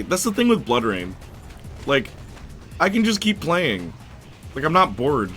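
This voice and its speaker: A man's voice: medium pitch, very animated, normal speed, fairly bright tone, faint music behind. A man live-streaming a video game, chatting casually, joking, giggling and answering viewers' chat messages. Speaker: gaming streamer.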